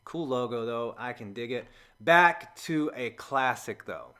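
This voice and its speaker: An American man giving a sarcastic, jokey, scripted voice-over, with sudden loud outbursts between flat asides. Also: medium pitch, measured pace. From United States. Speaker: comedy video host.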